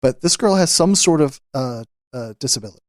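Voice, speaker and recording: A man's voice: medium pitch, animated, fairly quick, dry recording, clean studio sound. A man co-hosting a casual podcast discussion, talking loosely with lots of fillers. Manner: loose and chatty, many fillers. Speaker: podcast co-host.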